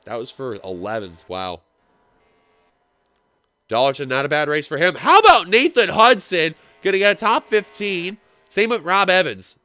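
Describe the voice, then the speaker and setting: A man giving play-by-play commentary on a simulated stock car race, getting excitable as the finish nears. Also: high-pitched, clean tone, dry recording. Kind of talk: play-by-play sim racing commentary.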